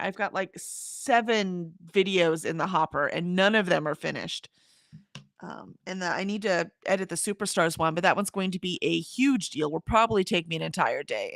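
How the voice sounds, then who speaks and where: A woman's voice: fairly low pitch, animated, a little fast, gravelly, fairly bright tone, no room sound, studio quality. A woman hosting a writing-sprint livestream, chatting casually and reading viewer comments aloud. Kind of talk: casual chat.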